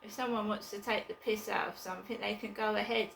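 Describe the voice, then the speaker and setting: A woman vlogging from her flat, chatting casually and bluntly in a rambling way, with occasional swearing. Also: medium pitch, fast talker, creaky, echoey room, slight background noise, rough recording. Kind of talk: casual chat to camera.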